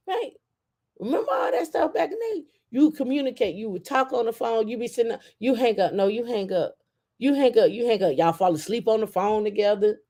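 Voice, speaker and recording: A woman host in casual chat, telling stories in an animated way and acting out quotes. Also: a little high, brisk. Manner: animated storytelling with acted-out quotes.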